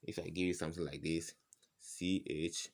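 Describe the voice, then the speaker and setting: A man's voice: low voice, flat delivery, normal speed. A man tutoring chemistry in an informal lesson, firing rhetorical "what?" questions at the viewer and repeating each answer. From West Africa.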